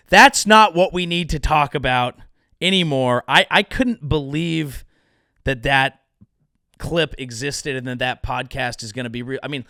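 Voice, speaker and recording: A man's voice: mid-range voice, sharp tone, smooth, no echo, clean studio sound. A young adult man hosting his own comedy show, riffing in a profane, sarcastic monologue. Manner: profane, rambling, sarcastic, slips into silly voices. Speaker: podcast host and comedian.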